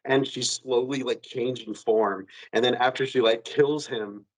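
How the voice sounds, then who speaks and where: A man on a podcast, retelling a video game ending in an animated, rambling way with lots of fillers and some cursing. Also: medium pitch, unhurried, poor audio. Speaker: podcast co-host. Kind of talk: casual chat.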